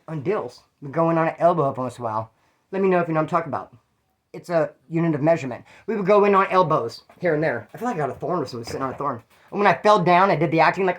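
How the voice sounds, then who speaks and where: Rambling, slangy man telling stories. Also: on the high side. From Bakersfield, California. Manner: slangy, profane, rambling with asides. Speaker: former prisoner telling stories. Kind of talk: casual storytelling monologue.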